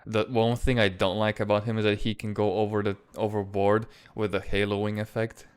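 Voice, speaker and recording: A man's voice: lowish voice, level tone, normal speed, clean tone. A man chatting casually in a live stream, laid-back and laughing often, swearing freely. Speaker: comics creator in a live chat. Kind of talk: casual chat. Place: lives outside the United States.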